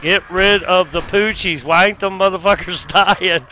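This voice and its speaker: Excitable cursing gamer man. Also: high-pitched, measured pace, hardly any pauses, a little hiss or hum. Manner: loud cursing exclamations, folksy southern-style grammar. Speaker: gaming YouTuber. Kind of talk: let's play commentary.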